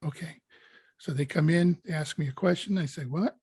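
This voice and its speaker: A male actor in an interview, telling a lively anecdote and acting out his own panic. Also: a little high, normal speed, breathy edge, dry recording. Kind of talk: casual storytelling interview.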